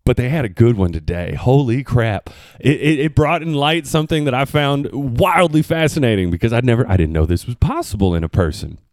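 A man from the hosting a podcast, riffing in a comedic monologue and swooping into high mock voices. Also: lively intonation, a little fast, a little mellow, no echo, clean studio sound. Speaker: podcast host.

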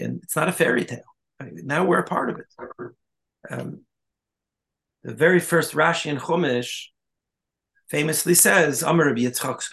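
A rabbi giving a conversational Torah talk, telling stories with Hebrew and Yiddish terms and quick asides. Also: male voice, fairly high pitch, vocal fry, a bit bright.

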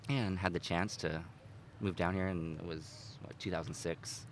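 A middle-aged American man from Utah, a guest chatting casually in a relaxed, rambling way with many fillers. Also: sits low, moderate pace, slight background noise. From Utah, United States. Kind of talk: casual conversation.

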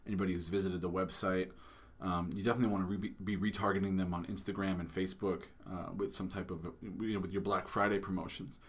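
A man in his thirties with a lowish voice chats casually on a podcast about marketing tips. He talks loosely, full of fillers and restarts. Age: 30s. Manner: chatty, lots of fillers and restarts. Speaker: podcast host.

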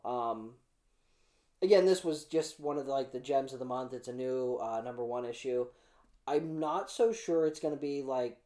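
Casual young male vlog host, mellow warm tone, loose rambling delivery. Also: medium pitch. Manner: chatty, rambling, many fillers and restarts. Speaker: comic preview host.

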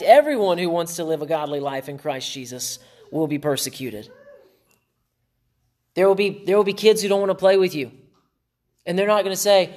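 A male pastor preaching a sermon in an emphatic way, with dry sarcastic humor. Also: fairly high pitch.

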